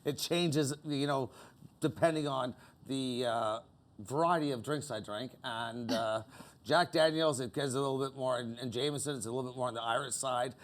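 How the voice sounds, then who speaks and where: A man's voice: medium pitch, moderate pace. A man from Canada, a guest on a talk show in a music club, telling rambling, self-mocking anecdotes full of "you know.". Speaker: interview guest. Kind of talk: casual anecdotes.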